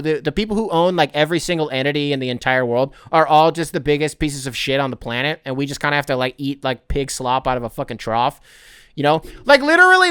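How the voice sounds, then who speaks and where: Heated, profane sports podcast host. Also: male voice, fairly high pitch, a bit bright, smooth, dry recording, clean studio sound. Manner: heated, profane, rambling with restarts. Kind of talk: casual sports podcast rant.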